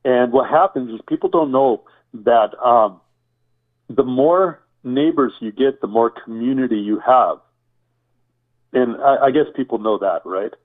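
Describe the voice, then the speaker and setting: A man talks as a guest in an interview, explaining step by step and piling up lists and rhetorical questions. His voice sits at a middle pitch and comes through a narrow, tinny line like a phone call. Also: unhurried. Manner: enumerating, repetitive, rhetorical questions. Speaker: survival expert guest.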